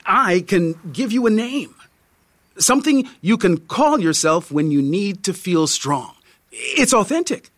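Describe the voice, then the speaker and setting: A man's voice: high-pitched, very animated, measured pace, a bit bright, no echo, pitched above the performer's own voice, heavily acted. A man doing an eager, stilted would-be wise guide. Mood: earnest. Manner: stilted, solemn put-on delivery, pleading. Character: man hired to play a spiritual guide, eager and anxious.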